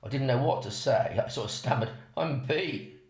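A man, reading a first-person story aloud in an unhurried way. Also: medium pitch, darkish tone. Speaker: narrator. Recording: roomy echo.

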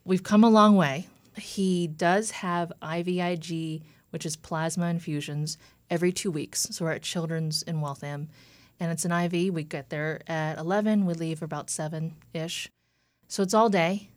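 A woman in her thirties tells her story in an earnest, lively way. Her voice sits low, and the recording is dry and close. She often quotes what others said to her. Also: normal speed, dry recording. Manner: earnest, retelling with quoted dialogue. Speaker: guest. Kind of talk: personal story in an interview.

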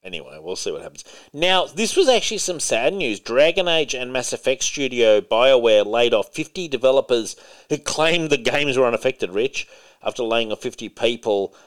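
A man's voice: medium pitch, expressive, moderate pace. A man hosting a casual podcast chat, who laughs a lot and reads out news items with casual swearing. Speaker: podcast host.

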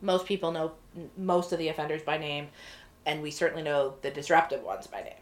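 A woman guest on a podcast, telling a work story in a casual, lively way, swearing freely and acting out what people said. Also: sits low, a little fast. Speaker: podcast guest, corrections treatment provider.

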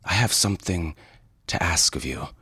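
A man voicing a calm, wry man in power armor, speaking in a dry, measured way in an audio fiction reading. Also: low-pitched, husky, no room sound, exaggerated voice.

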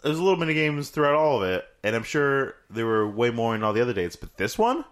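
A fast-talking co-host with a mid-range, sing-song voice chats casually about a video game on a podcast. He curses and voices lines in silly impressions.

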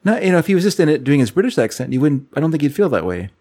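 A man's voice: a little high, sing-song, mellow. A man co-hosting a podcast in casual chat, easygoing and agreeable. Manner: easygoing, agreeable, quick to laugh. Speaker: podcast co-host.

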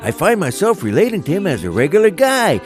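A man voicing an excitable, confused man, who exclaims as he talks. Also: high-pitched, fast, faint music behind.

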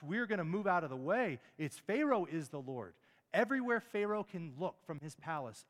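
Male pastor mid-sermon, emphatic and questioning, slightly raised pitch, in a reverberant church hall. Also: a bit bright. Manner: emphatic, rhetorical questions, stumbles on words.

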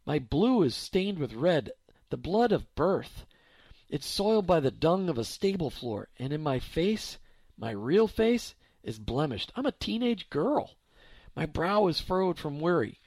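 A man's voice: fairly high pitch, creaky, darkish tone, dry recording, full character voice. A man voicing Mary as a frightened, lonely teenage mother who pleads with the listener in a breaking voice.

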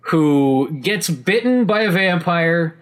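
A man chatting casually about a video game, excitable and rambling, with many restarts and laughs mid-sentence. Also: a little high, slow. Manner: casual swearing.

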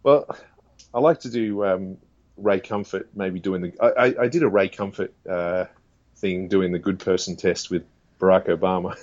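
Impressionist guest, man, lowish voice, casual and chatty, muffled lo-fi track. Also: fairly even intonation, darkish tone, no echo. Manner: breaks into quick celebrity and preacher impressions, laughs often. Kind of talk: casual interview chat with impressions. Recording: dull lo-fi sound.

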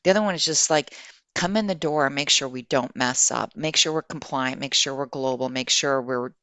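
A woman guest, an HR executive, telling a career story in an animated, conversational way. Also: a bass voice, brisk, no room sound. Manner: animated, acts out quoted dialogue.

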